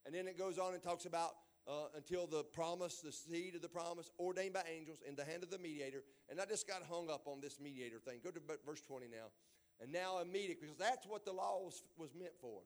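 A man, a pastor preaching a folksy Bible sermon and building to loud emphasis. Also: a little high, fast.

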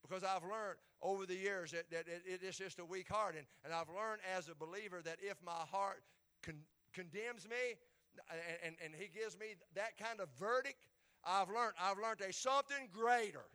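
A preacher man delivers a sermon in a high, ringing, bright voice. He stumbles over and repeats words as he works up to loud, shouted climaxes. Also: moderate pace, clear, resonant tone. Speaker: pastor.

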